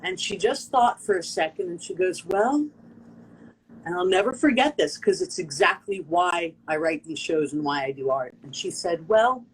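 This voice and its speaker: Earnest, husky-voiced American woman storyteller. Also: lowish voice, moderate pace, rough recording. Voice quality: expressive, earnest, acts out quotes in voices. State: tearful. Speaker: guest performance artist. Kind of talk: casual interview storytelling.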